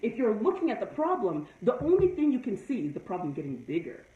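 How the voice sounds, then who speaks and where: A woman's voice: mid-range voice, wildly swooping pitch, quick pace. A woman giving a motivational talk to her live viewers, preachy and emphatic, repeating her points. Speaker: live-stream host. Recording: echoey room, far from mic, dull sound.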